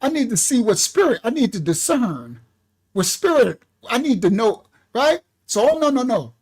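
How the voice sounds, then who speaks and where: Male ministry leader on a casual livestream; slangy, laughing, acts out voices, very lively pitch. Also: normal speed, breathy edge. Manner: animated, laughing, heavy slang.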